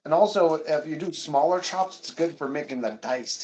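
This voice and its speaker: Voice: mid-range voice, normal speed, few pauses, a little mellow, low-quality recording. A cooking streamer chatting casually and playfully, often chanting little words in a sing-song way.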